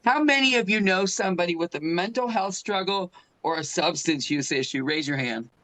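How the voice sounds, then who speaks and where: A woman's voice: lowish voice, lively intonation, normal speed, fairly bright tone, poor audio. Middle-aged woman, passionate advocate speaker, emotional and direct, talking over a phone. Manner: earnest, emotional, keeps asking the audience "right?". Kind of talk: impassioned public talk.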